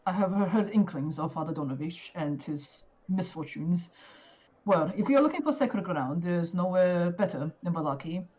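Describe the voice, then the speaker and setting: A woman's voice: on the low side, lively intonation, moderate pace, a little mellow. Woman playing a regal old male priest. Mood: reassuring. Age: 70s. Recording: dull lo-fi audio.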